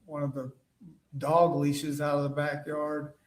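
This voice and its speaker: A man giving witness testimony in court, telling his story haltingly with lots of fillers and restarts. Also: a little high, completely flat delivery. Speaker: trial witness. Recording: roomy, distant courtroom mic.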